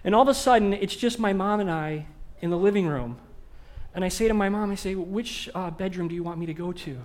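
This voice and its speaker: High-voiced pastor telling a funny story. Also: male voice, a little fast. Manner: animated, self-mocking humor. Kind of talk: storytelling sermon.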